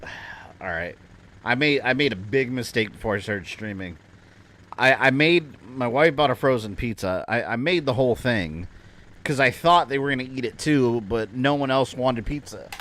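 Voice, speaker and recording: A man's voice: mid-range voice, expressive, normal speed, fairly bright tone. A man chatting casually at his home desk while livestreaming a game, rambling and joking at his own expense. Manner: chatty, rambling, self-deprecating. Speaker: game streamer.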